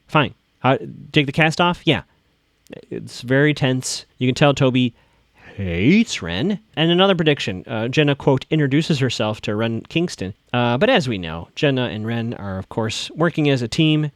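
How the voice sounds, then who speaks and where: A man's voice: medium pitch, no echo, studio quality. A man hosting a podcast, casually recapping a TV episode, quoting lines and laying out his theories. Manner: chatty, theorizing, quotes lines in a flat voice.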